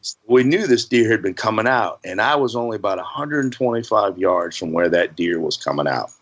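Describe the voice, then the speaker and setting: A man's voice: on the low side, expressive, a little fast, a bit bright, dull audio. A man telling a hunting story in a rambling, folksy way, laughing now and then. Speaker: hunting guest. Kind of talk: casual storytelling.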